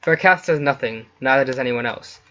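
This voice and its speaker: A man's voice: mid-range voice, brisk, pushed and bright, muffled recording. A man hosting a let's play, reading interactive fiction aloud between casual chat with his co-player. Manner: reads story text then chats casually.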